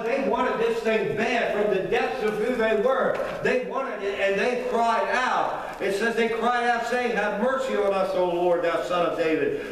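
A man's voice: high voice, a little hiss or hum. A man preaching a sermon, fervent and repetitive, building with rhetorical questions. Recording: echoey hall, mic from far off.

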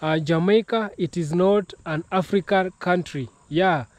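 Slow, halting young man hosting a channel. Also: high voice, dry recording. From Kenya. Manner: slow, halting, many restarts. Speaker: YouTube reaction host. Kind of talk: casual reaction commentary.

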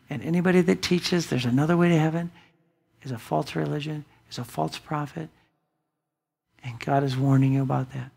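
A man preaching a sermon as pastor in a church, emphatic, with big swings from loud declarations to hushed asides. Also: on the high side, gravelly, slightly rough. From United States. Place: church sanctuary.

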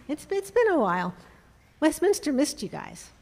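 A woman's voice: sits high, sing-song, normal speed, darkish tone. A woman giving a playful children's message in church, chatting with a puppet friend. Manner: playful, sing-song talk to children. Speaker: children's sermon leader. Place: church sanctuary. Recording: long church reverb.

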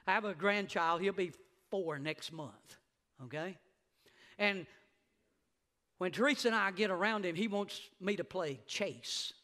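High, bright-voiced preaching man. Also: big pitch swings. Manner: emphatic preaching, slowing down for stress and rising to shouts. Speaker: pastor. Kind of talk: sermon. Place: church sanctuary.

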